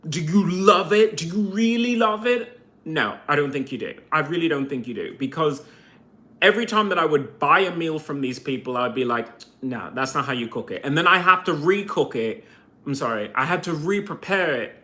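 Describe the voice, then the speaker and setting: A man's voice: on the high side, lively intonation, normal speed, bright, forceful tone. A man vlogging a heated, profane rant to camera, full of sarcastic rhetorical questions. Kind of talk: ranting monologue to camera.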